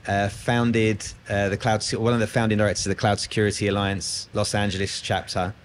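A man with an Australian accent moderating a conference panel, chatty and jokey, with filler pauses. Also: fairly low pitch, level tone, slight background noise. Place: conference room.

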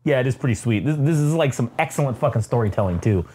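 A male podcast host in casual review chat, his voice leaping up and down in pitch. He swears constantly, with a loose, profane way of talking. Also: lively intonation, fast, warm tone, a little hiss or hum.

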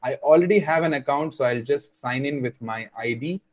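A man's voice: mid-range voice, brisk, darkish tone. A young man teaching children in an online class, explaining patiently and repeating his points, with many fillers. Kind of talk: teaching kids over a video call. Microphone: video call.

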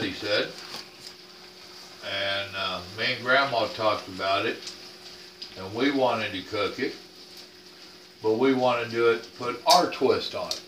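In his home kitchen, an older man runs a cooking vlog, talking in a plain, folksy manner that tends to ramble. The medium-pitched voice comes through with background noise and a roomy feel, since the camera is set off at a distance.

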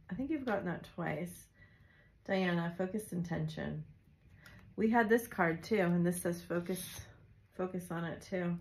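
Gravelly-voiced woman giving a tarot reading. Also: on the low side, measured pace, low-quality recording. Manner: chatty and intuitive, with frequent fillers and asides. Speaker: tarot reader. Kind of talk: casual tarot love reading.

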